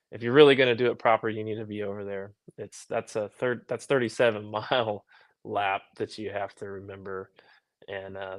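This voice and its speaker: Man, young adult, podcast guest, relaxed thoughtful chat, low pitch, dry close recording. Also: no room sound. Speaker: podcast guest, motorcycle racer. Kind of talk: casual chat.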